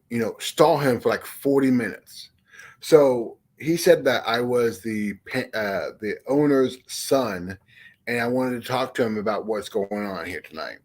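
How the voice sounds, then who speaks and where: Guy rambling in a casual chat, lots of ums, cusses a bunch. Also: medium pitch. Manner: rambling, lots of fillers and swearing.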